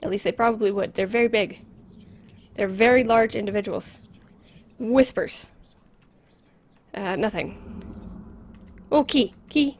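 A woman commenting on a horror game as she plays it, close to a desk microphone, nervous and repeating words in quick bursts. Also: a little high, a bit bright. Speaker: gameplay commentator.

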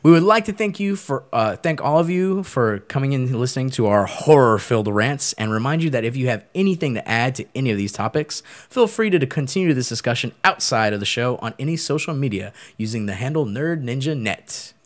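A man co-hosting a horror movie show, retelling scenes in casual, animated chat. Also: medium pitch, a little fast, hardly any pauses. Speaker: co-host.

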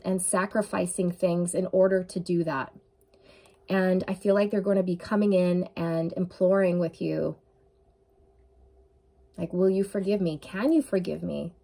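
A woman's voice: medium pitch, dark tone. A woman giving a channeled tarot reading to her viewers, earnest and intuitive, talking straight to the listener. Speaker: tarot reader.

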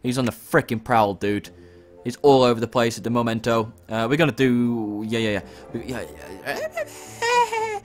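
This let's play host, a young man with a medium-pitched, fairly even voice, talks briskly and chattily about the game he's playing while faint music sits behind him. He reads the game's dialogue aloud, breaking into playful exclamations.

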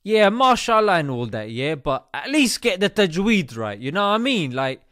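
A man's voice: high-pitched, very animated, moderate pace, a bit bright, dry recording, studio quality. Cheeky man hosting a comedy show. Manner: cheeky, jokey, drops "mate" often. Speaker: comedy host. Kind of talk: satirical comedy commentary.

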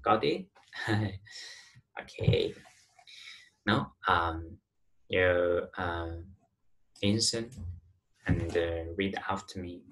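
A man with a Chinese accent teaches Chinese pronunciation, explaining haltingly with many fillers and drilling syllables aloud. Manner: drills syllables in a higher, careful voice. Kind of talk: online language lesson.

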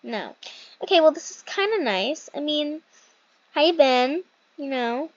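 A gaming channel host, a young woman, casually commentates a role-play game, rambling and chatting and often correcting herself. Her high voice is expressive and unhurried, captured on a dull lo-fi mic.

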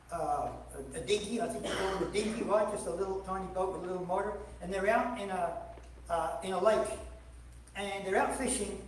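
High-voiced male evangelist in an echoey church. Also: slight background noise. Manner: animated, jokey, repeats words when starting phrases. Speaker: evangelist preacher. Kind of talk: sermon with humorous storytelling. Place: church sanctuary. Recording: echoey church hall from a distant mic.

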